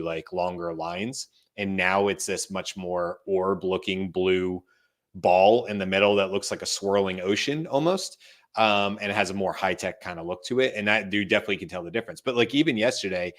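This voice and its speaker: Podcast co-host, male, lower pitch, casual storyteller who mimics others. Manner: animated storyteller, quoting and mimicking voices. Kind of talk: casual chat.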